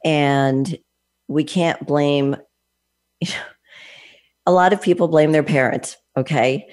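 A woman's voice: sits low, steady tone, takes it slowly, darkish tone. Almost sixty-year-old woman hosting an interview. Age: 50s. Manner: thoughtful, talks in long winding sentences with restarts. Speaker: host; fitness trainer. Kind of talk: conversational interview.

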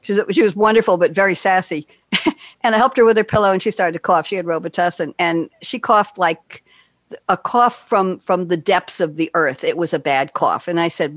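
A woman's voice: lowish voice, moderate pace, fairly bright tone, dry recording. An older woman hosting an interview, telling long stories in a chatty way and acting out the voices she quotes. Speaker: host. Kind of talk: casual interview chat.

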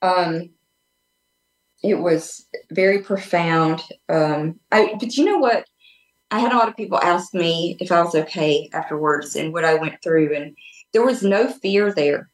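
Her voice sits on the low side and moves a little slowly as she, a podcast guest on a remote call, tells a personal story. The talk is casual and earnest, open in manner, full of fillers and restarts, recorded in an echoey room.

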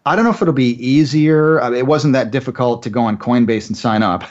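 A man's voice: mid-range voice, a little fast, dull audio. A man as a guest analyst on a finance radio show, talking in a chatty way with many uh fillers and giving confident opinions.

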